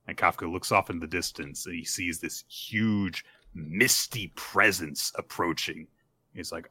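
A man's voice: low-pitched, normal speed, no room sound. A man casually recapping a manga chapter on a podcast, acting out the characters' lines as he goes. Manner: animated retelling, acts out character lines. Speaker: podcast co-host.

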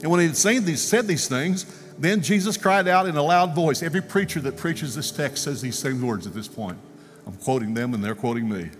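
Animated male preacher in a reverberant church. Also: on the high side, fairly quick. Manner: animated storyteller, acting out quotes, ending in prayer. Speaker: guest speaker. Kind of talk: sermon storytelling. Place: church sanctuary. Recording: long reverb, music faintly behind.

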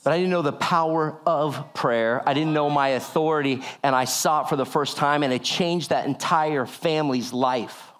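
A man telling a lively sermon testimony. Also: normal speed, few pauses. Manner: animated storyteller, acts out quotes with lower voices and laughs. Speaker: speaker sharing a testimony.

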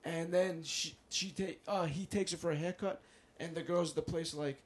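A man's voice: fairly high pitch, steady tone, moderate pace, few pauses, husky. A man co-hosting a casual podcast, telling rambling, profane stories. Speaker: podcast co-host.

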